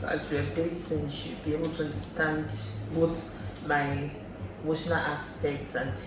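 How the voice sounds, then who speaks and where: A man's voice: on the high side, flat delivery, moderate pace. A young Nigerian man talks earnestly as a guest, stacking his points one after another. His voice comes from a distance in a very echoey room, over a noisy background. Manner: earnest, repeats points in lists. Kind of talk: casual chat.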